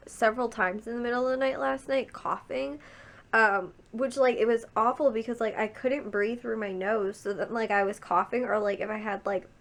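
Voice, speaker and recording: A young woman from the Chicago area, a vlogger, chatting casually at home with a rambling, chatty manner. She is sick, with a congested, stuffy voice. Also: fairly high pitch. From Chicago area, USA. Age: young adult. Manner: rambling, chatty, frequent trailing-off restarts. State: congested, sick with a sore throat. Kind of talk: casual vlog chat.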